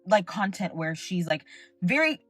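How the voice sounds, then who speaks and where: A woman's voice: fairly low pitch, sing-song, measured pace, dry recording, faint music behind. A young woman hosting her own show, giving an emphatic, rambling commentary full of filler words. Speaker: podcast host and content creator. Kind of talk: casual commentary rant.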